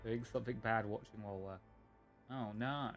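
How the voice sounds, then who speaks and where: This streamer's voice is on the low side, moving at normal speed with faint music behind him. His casual commentary on the game is chatty and sprinkled with profanity as he thinks aloud, reacts, and at times reads text from the screen.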